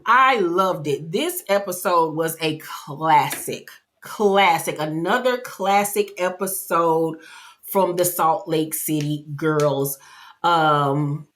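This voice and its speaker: A woman giving a casual, animated, gossipy episode recap. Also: deep voice, takes it slowly. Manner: animated, gossipy storytelling, acts out quotes. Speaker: vlogger.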